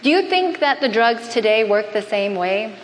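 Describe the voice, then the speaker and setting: A woman's voice: a little high, expressive, moderate pace. A woman preaching a sermon, often asking the congregation questions. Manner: engages the audience with frequent questions. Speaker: preacher and health missionary. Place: church hall with a congregation. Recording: reverberant hall with faint background noise.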